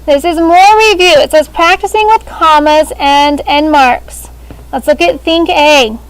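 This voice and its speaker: High-voiced woman teaching a classroom. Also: poor audio. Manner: brisk, calls on students by name. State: speaking through a face shield. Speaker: sixth grade language teacher.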